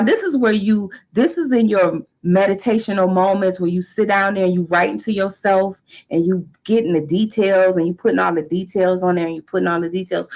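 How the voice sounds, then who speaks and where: A middle-aged woman hosting a live motivational talk, lively and animated, acting out excited quotes. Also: mid-range voice, vocal fry, poor audio. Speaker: motivational live-stream host.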